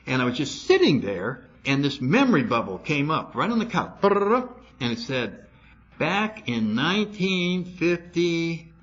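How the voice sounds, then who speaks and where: Older man telling a lively recovery story. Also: medium pitch, moderate pace, dull audio. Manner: animated, acts out both sides of dialogues. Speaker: recovery speaker. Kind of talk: storytelling talk to a meeting.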